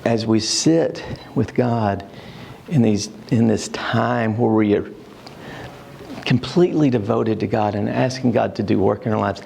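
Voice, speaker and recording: A man's voice: fairly low pitch, unhurried, vocal fry, a little mellow, a little hiss or hum. An older man teaching a church class, telling stories with frequent fillers and restarts.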